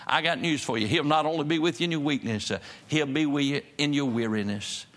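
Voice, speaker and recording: A man's voice: on the high side, a little fast, hardly any pauses, a bit bright. Folksy preaching man, emphatic refrains. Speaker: pastor. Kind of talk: sermon.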